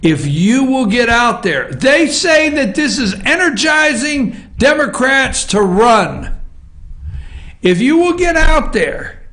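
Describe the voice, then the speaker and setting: A man with a notably high voice delivers a fired-up political opinion monologue as a talk show host. He hammers his points with emphatic, repeated refrains. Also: fairly bright tone.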